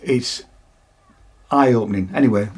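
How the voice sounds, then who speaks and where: A man's voice: mid-range voice, unhurried, darkish tone, husky. A man, co-hosting a music podcast, chatting casually and giving opinionated takes. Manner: opinionated, chatty, frequent restarts. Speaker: podcast co-host. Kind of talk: casual chat.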